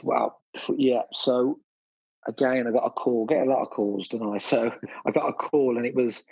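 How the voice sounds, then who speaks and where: A husky-voiced man from tells stories from his DJ career in a blunt, animated way, peppering every thought with "you know" and "mate." His voice is recorded close and dry, with slightly muffled highs. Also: normal speed, dry recording. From Birmingham, England. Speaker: DJ and guest. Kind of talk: casual storytelling interview.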